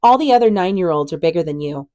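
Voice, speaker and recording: A woman voicing a mean child bully, taunting slowly in a sing-song voice. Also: on the low side, lively intonation, mellow, no echo, natural voice.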